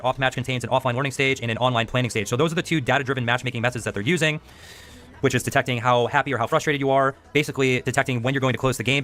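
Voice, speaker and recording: A man's voice: medium pitch, fairly bright tone. A man hosting a video essay, reading passages aloud and commenting on them, often tacking on "okay?". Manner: reads excerpts aloud and comments, tacks on "okay?". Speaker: host.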